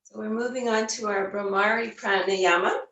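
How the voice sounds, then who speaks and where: A woman teaching a yoga class, giving gentle, unhurried cues with the odd filler. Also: medium pitch, steady tone, recorded from a distance, muffled recording. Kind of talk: guided yoga class instruction. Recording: roomy, voice a bit off the mic.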